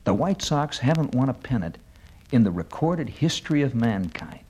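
A man's voice: medium pitch, very animated, normal speed, a little mellow, husky, rough recording. A man delivering a wry comic monologue on the radio, building sardonic lists toward a punchline.

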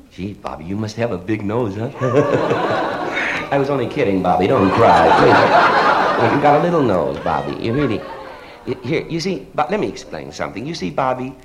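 A man's voice: lowish voice, big pitch swings, moderate pace, pauses often, heavy background noise. A man performing a one-sided telephone comedy monologue, polite and flustered, stammering and restarting as he talks to people who are never heard. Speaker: stand-up comedian.

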